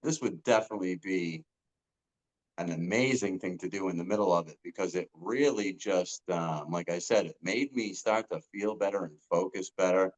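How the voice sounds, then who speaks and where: Male coaching client, very low voice; casual, sincere, hesitant delivery with lots of fillers. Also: rough recording. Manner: earnest, halting, with frequent ums and restarts. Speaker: coaching client giving a testimonial. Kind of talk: casual testimonial talk.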